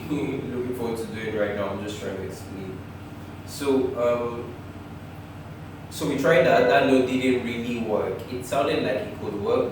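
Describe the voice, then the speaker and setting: A man teaching choir harmony, talking through the theory and now and then singing short phrases, sometimes in falsetto. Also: heavy reverb, recorded from a distance, background noise. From Nigeria. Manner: talks through theory, often breaks into sung phrases, chuckles. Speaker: music teacher. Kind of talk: choir harmony lesson with sung examples. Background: piano.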